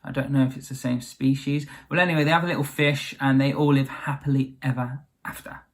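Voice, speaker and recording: A man's voice: mid-range voice, steady tone, fairly quick. A man retelling a fairy tale as comedy, rambling with wry asides and lots of fillers. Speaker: storyteller.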